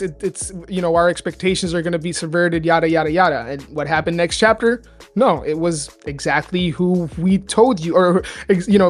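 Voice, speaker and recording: A man co-hosting a podcast, talking in a casual, rambling way and correcting himself as he goes. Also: high-pitched. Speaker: podcast co-host. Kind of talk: casual chat.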